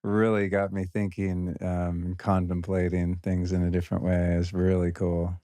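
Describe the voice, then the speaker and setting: Deep, mellow American man hosting. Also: completely flat delivery, normal speed, no room sound. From United States. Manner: enthusiastic, laughs often, repeats words. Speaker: podcast host. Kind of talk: casual interview chat.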